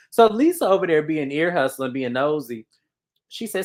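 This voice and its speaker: A woman hosting a casual reality TV recap, acting out what people said with big jumps in her voice. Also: normal speed. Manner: animated, acts out quotes with big pitch jumps.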